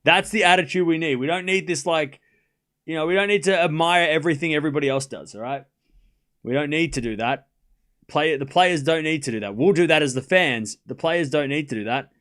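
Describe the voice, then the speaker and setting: A man's voice: on the high side, brisk, fairly bright tone. A young man hosting a live stream, chatting casually and rambling, often repeating himself. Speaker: host.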